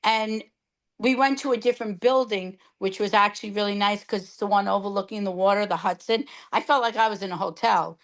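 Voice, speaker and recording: Speaking a little fast in a medium-pitched voice, a middle-aged New York woman joins a casual chat as a guest. She recounts her cancer treatment, acting out the dialogue as she goes.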